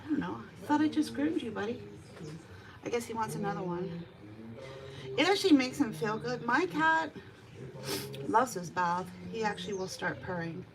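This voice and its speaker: A woman grooming a cat chats along casually and keeps talking to the animal in a slightly high voice. She sounds set back from the microphone. A steady background noise runs beneath her. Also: moderate pace, long pauses, far from the mic. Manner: chatty, talks to the cat as she works. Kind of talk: casual chat while grooming.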